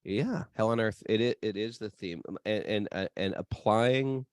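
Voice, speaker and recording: Male podcast host, low voice, dry close sound, playful talker who stumbles and restarts. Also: normal speed, clear, resonant tone, no room sound. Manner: chatty, many restarts, playful. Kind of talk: casual podcast chat.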